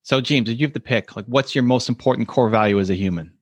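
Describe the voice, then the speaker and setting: A friendly man answering interview questions in a relaxed, explanatory tone. His voice sounds close and dry, with no room around it. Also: medium pitch, fast talker, husky, no room sound. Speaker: podcast guest, author.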